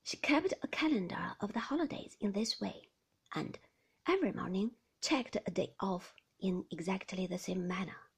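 A woman narrating a classic novel in a hushed, slow storybook reading. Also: medium pitch, creaky, slightly rough.

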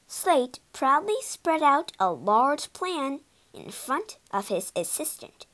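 A woman narrating a storybook with an expressive, dramatic reading. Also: high voice, slow pace.

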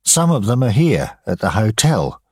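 A man's voice: on the low side, very animated, normal speed, darkish tone, husky, no echo, clean studio sound, voice pushed up. A man voicing a townswoman in an audiobook reading, explaining plainly. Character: townswoman answering a question.

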